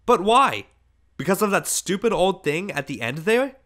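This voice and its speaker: A man's voice: mid-range voice, expressive, takes it slowly, pushed and bright. A man reading aloud voices a scornful, rude young man in a sneering, raised voice.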